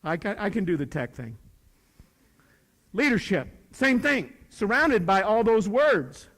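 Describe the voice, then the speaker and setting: An older man giving a live motivational talk to young people, animated and swinging between loud bursts and hushed asides. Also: high-pitched, a little slow. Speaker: motivational speaker. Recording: reverberant hall.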